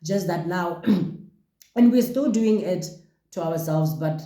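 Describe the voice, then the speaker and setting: A man hosting a casual podcast monologue, talking in an animated, expressive way and exclaiming often. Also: high voice, slow, echoey room. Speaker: podcast host.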